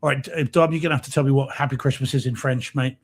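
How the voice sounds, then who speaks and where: A man's voice: mid-range voice, steady tone, quick pace, slightly rough. A man co-hosting a podcast in a casual live-stream chat, reading out and greeting viewer comments. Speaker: podcast co-host.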